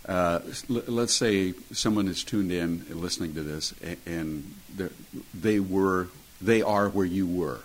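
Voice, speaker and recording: A very deep-voiced man hosts a radio interview in a studio. He asks his questions haltingly and often restarts his sentences. His delivery is calm and conversational. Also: rough recording. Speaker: radio host.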